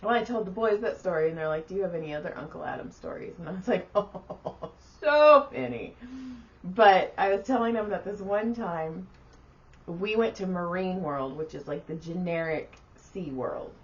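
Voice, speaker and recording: Lively swearing woman telling stories. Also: fairly low pitch, fairly quick. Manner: animated, swears freely, laughs through stories. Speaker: podcast co-host. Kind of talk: casual storytelling chat. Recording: distant mic, dull lo-fi sound.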